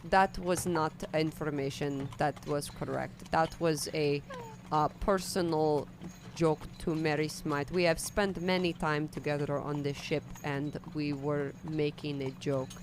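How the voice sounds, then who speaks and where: A woman voicing a stiff, overly formal nun who speaks with a slight Swedish accent, awkward and halting. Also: low-pitched, steady tone, noisy background, pitched below the performer's own voice. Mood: flustered.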